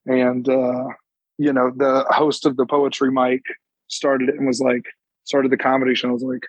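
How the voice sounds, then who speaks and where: A man's voice: medium pitch, slightly rough, no room sound, lo-fi sound. A young man, a stand-up comedian telling stories in casual chat and acting out what people said. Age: young adult. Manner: animated, acts out quotes with quick bursts.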